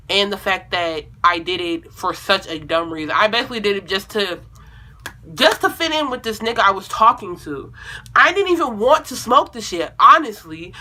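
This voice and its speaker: With a mid-range voice, a young woman vlogs about something that happened to her, keeping it casual and animated while swearing freely and performing the quotes.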